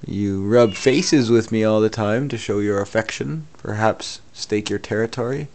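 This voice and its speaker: At home, a man films his pet cat on a handheld camera, coaxing her and chuckling in casual home-video chatter. His voice is lowish, unhurried, and somewhat dark in tone, recorded in a room of the house.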